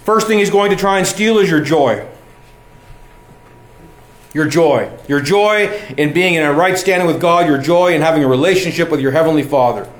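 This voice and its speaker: A man's voice: on the high side, normal speed. Earnest preacher man in an echoey room. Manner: earnest, rising to emphatic exhortation. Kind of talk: sermon.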